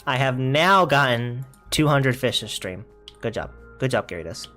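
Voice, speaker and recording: A man's voice: mid-range voice, lively intonation, moderate pace, sharp tone, soft background music. Laid-back young man rambling while gaming. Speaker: gaming streamer. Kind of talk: casual chat while playing.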